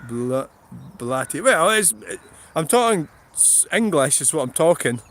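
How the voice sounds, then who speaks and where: A man's voice: fairly high pitch, sing-song, measured pace, vocal fry, fairly bright tone. A middle-aged man with a Scottish accent, chatting bluntly and swearing on a rambling livestream from a field, laughing often. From Scotland. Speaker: vlogger. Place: outdoors in a field.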